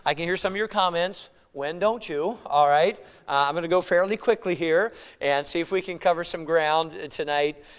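A male pastor preaching a sermon in a joking, conversational way, swinging from hushed asides to loud emphasis. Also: fairly high pitch, normal speed, few pauses, smooth.

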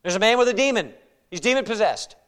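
A male pastor preaching a sermon in a joking, conversational way, swinging from hushed asides to loud emphasis. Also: high voice, sing-song, fast, clear, resonant tone.

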